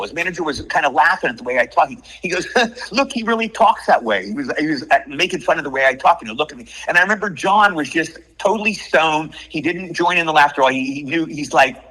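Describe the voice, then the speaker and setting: A man in his sixties, an actor guest in a casual interview, telling lively anecdotes and putting on voices for quotes. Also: a little high, poor audio.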